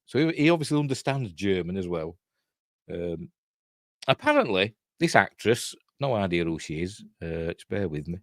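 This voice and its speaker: A man's voice: lowish voice, no room sound, clean studio sound. A middle-aged man with a Yorkshire accent, rambling through a casual film breakdown and answering viewers' chat. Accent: Yorkshire English. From Yorkshire, England. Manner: rambling, chatty, reads and answers live chat. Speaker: host.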